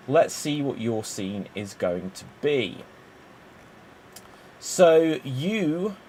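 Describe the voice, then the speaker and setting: A man hosting an online improv contest on a video call, brisk and chatty, filling pauses with "um". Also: medium pitch, darkish tone, slight background noise. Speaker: host.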